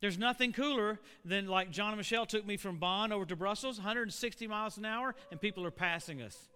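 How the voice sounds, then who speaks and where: A man preaching a storytelling sermon to a church congregation, animated and putting questions to the room. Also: high-pitched, fairly quick, clear, resonant tone. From Oklahoma. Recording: echoey church hall.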